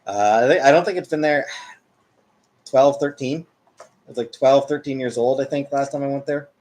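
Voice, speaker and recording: A man's voice: medium pitch, normal speed, darkish tone. A man in his forties from Canada, chatting casually with his viewers in a rambling, hesitant way that keeps correcting itself. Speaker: streamer reading chat. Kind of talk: casual chat.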